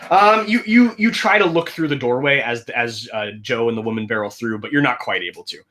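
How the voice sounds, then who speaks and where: A man's voice: mid-range voice, fairly quick, pushed and bright. A man narrating a tabletop game as game master, rambling and correcting himself playfully.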